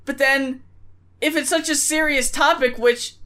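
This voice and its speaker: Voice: sits high, fairly even intonation, unhurried, sharp tone. A co-host in a casual album review, critical and puzzled, thinking aloud through questions.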